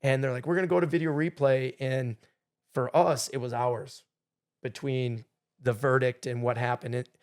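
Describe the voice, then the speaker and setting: A middle-aged man telling a story as a podcast guest, animated, acting out what people said. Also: medium pitch, moderate pace. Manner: animated storyteller, acts out quotes loudly. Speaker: game show contestant guest.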